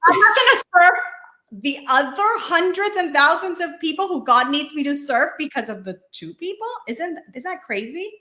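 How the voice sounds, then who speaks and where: A woman's voice: high voice, expressive, moderate pace, few pauses, bright, forceful tone. A woman hosting a podcast interview, talking in an emphatic, encouraging way. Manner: emphatic, encouraging, preachy asides. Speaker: podcast host and money coach. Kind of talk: casual interview chat. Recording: echoey room.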